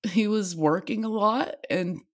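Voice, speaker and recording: A woman's voice: medium pitch, a little slow. A young American woman talking on her vlog in a tired, rambling way, swearing freely. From United States. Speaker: vlogger. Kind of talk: candid confessional vlog.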